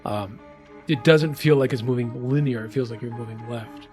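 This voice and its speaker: A man's voice: medium pitch, normal speed, a little mellow, soft background music. Man narrating as game master. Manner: descriptive, with filler words.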